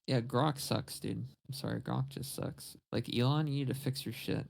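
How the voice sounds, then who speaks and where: A man's voice: mid-range voice, steady tone, normal speed, vocal fry. A man co-hosting a podcast, ranting bluntly and swearing in casual banter. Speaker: podcast co-host.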